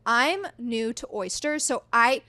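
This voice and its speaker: A chatty woman in her thirties tells a story as a podcast guest, her voice sitting a little high. She talks in an animated rush, filling her sentences with "like." The sound is close and dry, with no room around it. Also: slow, no room sound. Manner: chatty, heavy use of "like", animated retelling. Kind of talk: casual storytelling chat.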